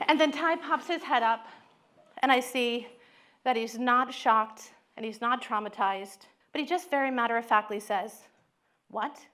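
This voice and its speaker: A middle-aged woman, a psychologist, giving a talk with candid, animated storytelling. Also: on the high side, a little slow.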